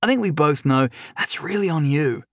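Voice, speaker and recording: A man voicing a wisecracking young male captive who talks in a quick, sarcastic, lively way in a storybook reading. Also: on the high side, dry recording, studio quality, voice pushed up. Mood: mocking. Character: chained young man, wisecracking and nervously flippant.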